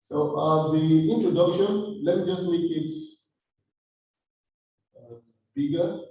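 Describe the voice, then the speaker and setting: A man leads a Bible study in a church room, speaking slowly and hesitantly, often restarting his sentences. His voice is mellow and dark. It comes from far off the mic in a very echoey room, and the sound is dull. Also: fairly high pitch. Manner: hesitant, with many fillers and restarts. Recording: distant echoey muffled room recording.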